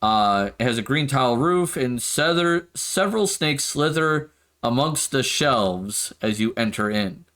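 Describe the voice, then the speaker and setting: A man running a tabletop game as game master, narrating scenes with many halting fillers. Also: mid-range voice, expressive, a bit bright.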